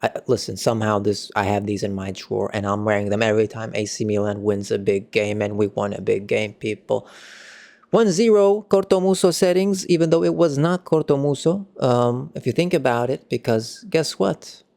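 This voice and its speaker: A young man giving a casual football match reaction, excitable and ranting, with sudden jumps in pitch. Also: fairly quick, vocal fry, few pauses. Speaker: football fan vlogger.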